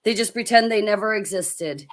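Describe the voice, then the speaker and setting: Young adult woman co-host, measured, opinionated, casual talk. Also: medium pitch. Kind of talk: casual live chat.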